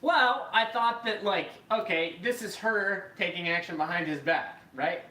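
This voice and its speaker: A man hosting a podcast, telling a story casually with lots of swearing and animated acted-out quotes. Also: sits high, unhurried. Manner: profane, animated, acts out quoted voices. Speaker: podcast host. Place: live podcast room. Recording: echoey room, mic far off, faint noise.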